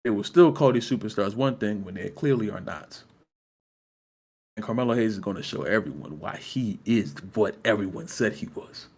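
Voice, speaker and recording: A man co-hosting a wrestling podcast, arguing emphatically and slowly, repeating himself for stress. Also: on the low side, animated, darkish tone, husky. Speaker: podcast co-host. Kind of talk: casual wrestling chat.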